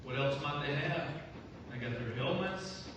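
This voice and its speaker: A male pastor preaching a sermon in a church, telling stories in a lively way and often repeating his phrases. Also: on the high side, unhurried. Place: church sanctuary. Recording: echoey hall from far off, noisy.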